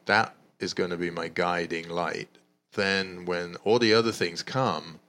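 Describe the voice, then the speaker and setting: A podcast co-host speaking calmly and reflectively in a casual chat. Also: low voice, measured pace.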